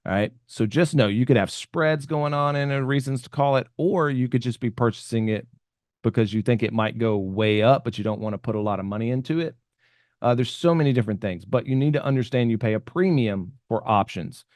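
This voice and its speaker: A man's voice: medium pitch, fairly quick, dry recording. Laid-back male podcast co-host, dry sound. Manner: conversational, thinking aloud, trailing off softer at the ends of points. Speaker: podcast co-host explaining options trading. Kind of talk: casual explanatory podcast talk.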